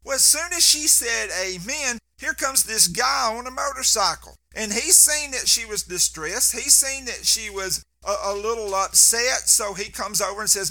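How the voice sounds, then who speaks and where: A man's voice: high voice, normal speed, sharp tone. A man preaching a sermon, telling folksy stories and often stumbling and restarting his words. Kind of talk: sermon with storytelling.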